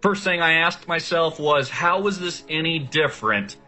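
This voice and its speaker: A man's voice: on the high side, moderate pace, pushed and bright, faint music behind. A man from the United States hosting a show, delivering an angry, impassioned political rant full of rhetorical questions. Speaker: show host.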